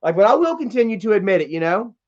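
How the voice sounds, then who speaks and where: Man, high-pitched, cussing livestreamer, candid rant, muffled stream sound. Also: big pitch swings, fast talker. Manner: blunt and profane, reads chat comments aloud. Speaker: livestream host reading chat. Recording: dull lo-fi stream audio.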